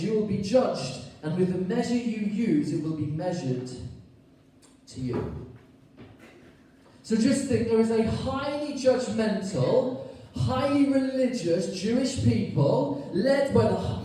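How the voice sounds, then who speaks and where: A man preaching a sermon in a lively, chatty way, joking with his congregation. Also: high-pitched. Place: church hall. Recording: echoey church from far off.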